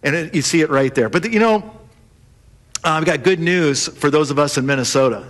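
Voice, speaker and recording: A man preaching a sermon, telling the story in a lively way and acting out the voices of the people in it. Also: fairly high pitch, brisk. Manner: animated storytelling, acts out voices of the disciples. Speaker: pastor.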